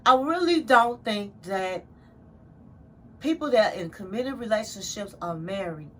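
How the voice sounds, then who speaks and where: A woman's voice: mid-range voice, animated, unhurried, a bit bright, a little hiss or hum. A woman casually recapping a reality show episode, retelling scenes and quoting what people said.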